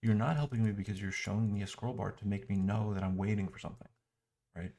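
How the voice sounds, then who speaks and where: A male software reviewer speaks fast with vocal fry, his voice low-leaning, steady and mellow. He clicks through an app on a screen recording, muttering an irritated, sarcastic critique as he goes.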